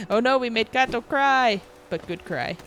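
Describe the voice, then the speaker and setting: A woman's voice: fairly high pitch, animated, measured pace, fairly bright tone, faint music behind. A woman in her thirties chatting casually on a live stream, reading out viewer comments, telling stories and laughing often. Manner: chatty and laughing, reads viewer comments aloud and answers them. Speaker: game streamer.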